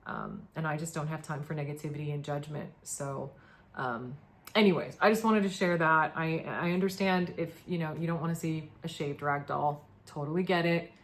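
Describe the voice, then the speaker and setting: A tired, emotional woman giving a casual to-camera update on her pets, halting with many fillers and restarts. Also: low voice, fairly even intonation, a little hiss or hum. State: tired from lack of sleep. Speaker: pet owner vlogger.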